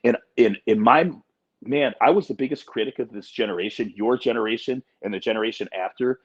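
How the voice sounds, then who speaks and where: A man in his forties talks in a casual podcast chat, blunt and emphatic, swearing freely. His voice is husky and a little breathy. The recording sounds dull and lo-fi. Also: mid-range voice, brisk. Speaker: podcast co-host.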